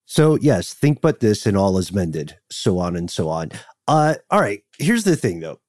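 A man's voice: lowish voice, measured pace, dry recording, studio quality. A man co-hosting a podcast who chats casually, jokes around and laughs easily. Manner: jokey, animated, laughs often. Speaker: podcast co-host. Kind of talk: casual chat.

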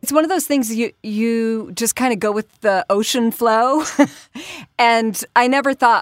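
A woman's voice: fairly high pitch, a little slow, dry recording, clean studio sound. A woman voice actress, a guest in a casual interview, bubbly and laughing often as she talks about her work.

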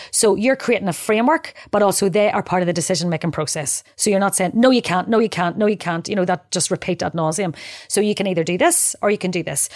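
A middle-aged woman with a fairly low voice talks through parenting advice in a relaxed, chatty way. She slips into quick little voices for parents and kids as she explains. Her voice sounds close and dry, with no room echo. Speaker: podcast co-host discussing parenting. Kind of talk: casual explanatory chat.

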